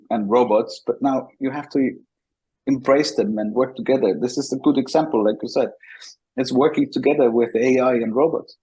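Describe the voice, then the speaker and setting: A man, a guest in a casual interview, telling animated stories with frequent restarts. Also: medium pitch, slightly rough, poor audio.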